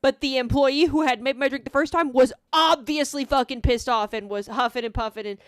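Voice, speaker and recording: A young woman with a high voice tells a rambling storytime over her gameplay. She fills it with "like" and swears freely. The sound is dry and close. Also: brisk, no echo. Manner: rambling, swears a lot, lots of "like". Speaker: vlogger. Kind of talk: casual storytime while gaming.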